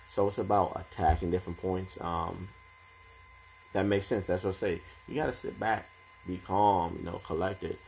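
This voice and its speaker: A young man co-hosting a casual podcast chat, talking in a calm, measured, advice-giving way. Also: deep voice, vocal fry, slight background noise.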